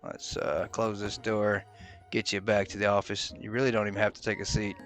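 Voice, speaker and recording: A man casually commentating as he plays a game, joking bluntly and filling pauses with "uh". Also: on the low side, level tone, fairly bright tone, faint music behind. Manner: joking, mock-blunt, with many "uh"s. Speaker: gaming video host. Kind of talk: casual let's-play commentary.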